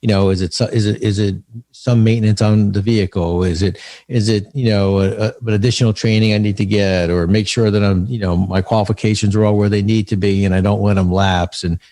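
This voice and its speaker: A fairly low, mellow male voice with a steady tone and a brisk pace comes through on a dry recording. He's a guest on a conversational podcast, an author and leadership speaker who earnestly shares stories about leadership, often restarting his sentences.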